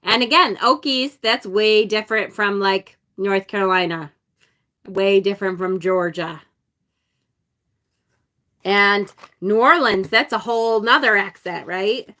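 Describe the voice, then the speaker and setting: With a medium-pitched voice that sounds pushed and bright, and a slightly slow pace, the tarot host unboxes a deck live. Her upstate New York accent comes through as she chats, laughs a lot and reads comments from her viewers.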